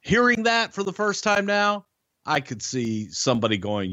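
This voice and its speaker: A man's voice: sits high, normal speed, dry recording, highs cut off. A man co-hosting a podcast, casually telling second-hand stories with a lot of hedging. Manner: relaxed anecdotal telling with hedges. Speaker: podcast co-host, former wrestling insider. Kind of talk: casual storytelling chat.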